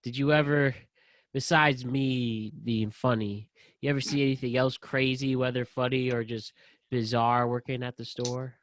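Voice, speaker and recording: A man's voice: mid-range voice, moderate pace, no echo. A man hosting a casual podcast interview, talking loosely and jokingly with his guest. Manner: joking, loose, animated storyteller. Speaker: podcast host.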